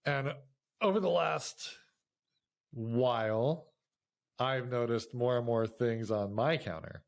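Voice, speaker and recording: Animated middle-aged man telling a story. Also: mid-range voice, slow, creaky. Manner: animated storyteller, laughs often, quotes his wife. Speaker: podcast co-host, teacher of young kids. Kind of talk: casual chat.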